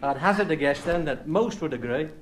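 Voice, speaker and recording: This Black Country comedian from England performs stand-up made of rhyming dialect recitations and chatty anecdotes, in the local accent. His voice sits a little high, with lively intonation and a slightly fast pace.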